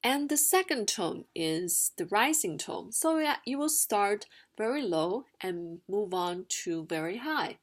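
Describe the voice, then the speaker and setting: A woman teaching a casual explanatory lesson, unhurried, with fillers and sung-out demonstrations of tones. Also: medium pitch, lively intonation. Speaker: language teacher. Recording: screen-recorded narration.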